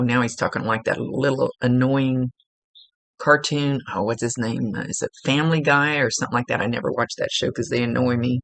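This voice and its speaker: A woman's voice: very deep voice, steady tone, a little fast, vocal fry, dry recording. A woman working as a psychic medium, giving an informal, rambling one-on-one reading from her chair at home. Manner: informal, rambling, with many fillers and restarts. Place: at home, seated.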